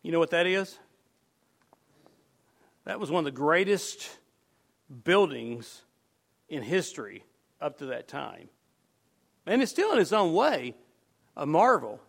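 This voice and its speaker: A middle-aged man preaching a sermon, earnest and emphatic, dropping to a low murmur on key words. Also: sing-song, takes it slowly, creaky, pauses often.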